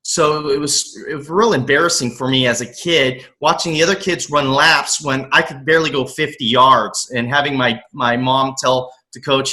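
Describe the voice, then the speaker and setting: A middle-aged man from the US West Coast, a motivational coach, telling his life story in a casual interview, earnest and animated, often restarting and repeating words. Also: on the high side, normal speed. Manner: earnest, animated, acts out his own past thoughts. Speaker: motivational coach, podcast guest.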